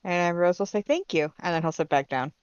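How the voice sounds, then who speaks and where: A woman playing her character in a tabletop game, speaking slowly and gently. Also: fairly low pitch, smooth, no room sound, highs cut off. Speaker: player.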